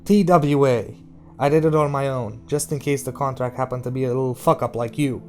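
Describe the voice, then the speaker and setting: A tense young male heroin addict with a blunt, menacing way of talking, read by a man. His voice is at a middle pitch and is pushed a little louder than the narration. Faint music plays behind him. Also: brisk, close to an everyday voice. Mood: cool threatening. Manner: blunt, threatening.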